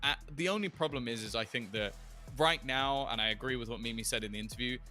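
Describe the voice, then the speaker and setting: Man, esports analyst, animated, very bright voice, faint music behind. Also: medium pitch, fast talker. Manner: animated, laughing, many restarts. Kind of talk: studio desk analysis.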